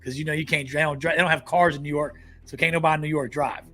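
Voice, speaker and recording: A husky, rapid-fire man tells profane, animated stories as a podcast co-host. His voice sits a bit high for a man. Faint music plays softly behind him. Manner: fast, animated storytelling, heavy swearing. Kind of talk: casual profane podcast banter.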